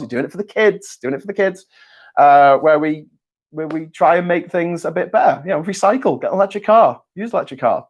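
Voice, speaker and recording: A man talking casually on his own about news and politics, jokey and rambling, with self-mocking asides, frequent restarts and the odd swear word. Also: fairly high pitch. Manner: frequent restarts and stammered repeats. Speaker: vlogger.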